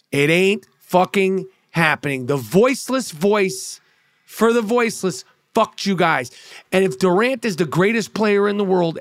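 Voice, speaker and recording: A man with a notably high speaking voice rants about sports, blunt, sarcastic and full of curses. He trips over repeated words as he pushes his points. The sound is close and dry, with no room echo. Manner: heated, blunt and sarcastic, with repeated stammered restarts. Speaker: comedian. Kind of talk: profane sports rant.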